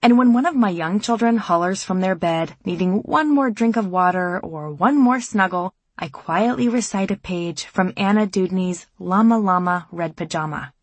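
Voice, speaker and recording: A mother narrating an audiobook in a measured, reflective reading voice. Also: fairly low pitch, breathy edge, no echo.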